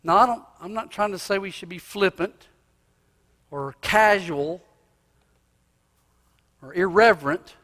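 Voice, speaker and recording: A male pastor preaching a sermon in a church, swinging from loud cries to hushed asides. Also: sits high, measured pace, long pauses. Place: church sanctuary. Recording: long reverb of a church hall.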